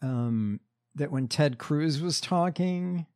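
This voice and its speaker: A man's voice: a little high, takes it slowly, darkish tone. A man co-hosting a casual podcast, reading news items aloud with dry asides. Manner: wry, reads news aloud. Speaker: podcast co-host. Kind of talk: casual political chat.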